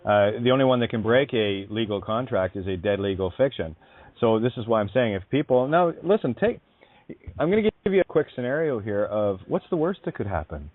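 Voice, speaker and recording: A man's voice: fairly low pitch, expressive, a little fast. Effusive man hosting over a tinny line. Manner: effusive, calls guest honey, rambling. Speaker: radio show host. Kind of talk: spiritual talk radio chat. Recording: dry tinny phone-like line.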